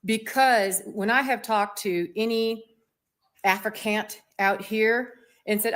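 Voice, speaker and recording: A woman from the United States giving a blunt, sassy, slang-filled opinion monologue on her video channel, with quick mocking asides. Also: medium pitch, fairly even intonation, a bit bright. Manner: mocks others with quick voiced asides. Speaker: vlogger.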